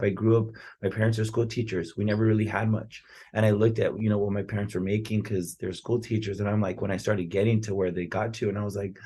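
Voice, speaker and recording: Low, husky man, casual motivational podcast talk, rambling and earnest, peppered with fillers. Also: little pitch movement, fairly quick, dark tone. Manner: earnest, rambling, full of "like" and "right?". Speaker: podcast speaker on real estate and personal growth.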